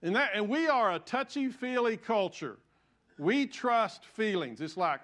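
An older man preaches from the pulpit in a fairly high voice. He tells stories with self-deprecating humor, dropping to hushed tones and then pushing back to loud emphasis. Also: big pitch swings, a little slow. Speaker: pastor. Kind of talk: sermon.

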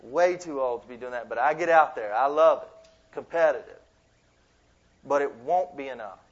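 A man giving a sermon as a youth minister, in lively, conversational preaching with asides. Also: medium pitch, normal speed. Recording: dull lo-fi sound.

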